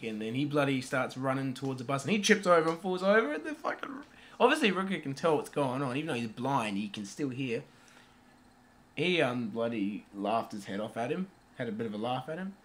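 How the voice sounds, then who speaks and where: A man giving a casual, rambling movie review, swearing freely and filling pauses with um and uh. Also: medium pitch, animated, fairly bright tone.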